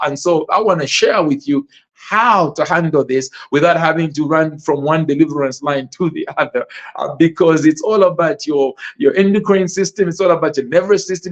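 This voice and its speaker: A man hosting a motivational podcast, talking in a lively, preacherly way and working through numbered points. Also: on the high side. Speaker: podcast host. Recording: dull lo-fi sound.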